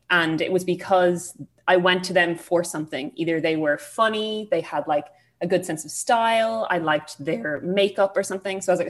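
A woman's voice: fairly low pitch, normal speed. A young woman in her twenties with an Irish accent, chatting casually as a podcast guest, self-deprecating and full of fillers. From Ireland. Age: 20s.

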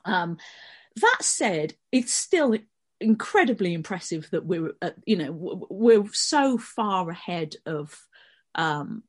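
A middle-aged woman with a Birmingham accent, her voice sitting on the lower side. She talks in a relaxed, conversational way, explaining things at length as a guest on a podcast panel. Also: slow. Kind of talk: casual podcast discussion.

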